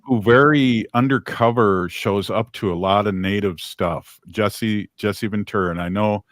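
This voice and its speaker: A man's voice: fairly low pitch, a little slow, fairly bright tone, no echo, clean studio sound. A man hosting a radio talk show, telling rambling, joking anecdotes with many fillers. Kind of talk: casual radio conversation.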